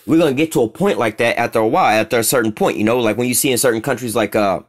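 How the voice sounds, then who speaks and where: A man's voice: medium pitch, racing, hardly any pauses. Profane, rambling male Bible teacher. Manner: profane, rambling, keeps asking "all right?". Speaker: scripture teacher. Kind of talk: informal street-style Bible teaching.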